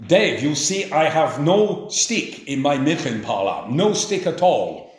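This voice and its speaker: A man's voice: a little high, big pitch swings, a little slow, echoey room. A man voicing an older German herdsman with a German accent, speaking matter-of-factly. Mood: boastful.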